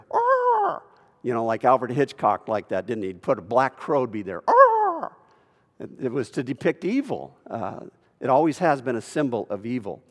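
A man preaching a sermon to his congregation, speaking in a folksy way and asking them rhetorical questions. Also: mid-range voice. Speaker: pastor. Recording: long reverb of a large hall.

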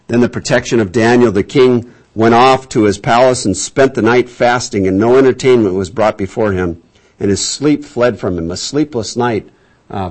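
A man's voice: on the low side, darkish tone. Folksy man preaching a conversational sermon. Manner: folksy, chatty storytelling with frequent restarts. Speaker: pastor. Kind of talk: conversational Bible-teaching sermon.

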